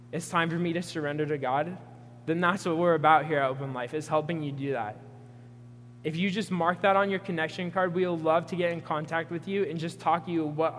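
A man's voice: fairly high pitch, long reverb tail, a little hiss or hum. A young man preaching a sermon, telling a personal story in an earnest way with many fillers. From Pacific Northwest US.

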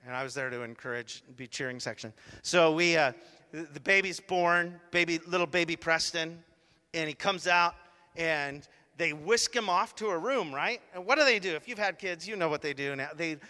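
A man's voice: fairly high pitch, normal speed, sharp tone, long reverb tail. A middle-aged man preaching a sermon, telling a chatty story with playful asides. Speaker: pastor.

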